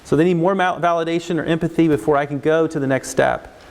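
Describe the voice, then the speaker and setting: A man's voice: a little high, fast. A man counseling parents and teachers, talking casually and acting out what kids and adults say. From United States. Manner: animated, acts out kid and adult voices. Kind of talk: instructional talk with acted examples.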